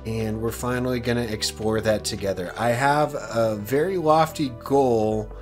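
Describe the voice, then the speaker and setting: A man's voice: mid-range voice, a little slow. Chatty man narrating his gameplay. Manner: chatty, upbeat, self-deprecating. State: losing his voice. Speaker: let's play host. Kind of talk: casual gameplay commentary. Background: faint game music.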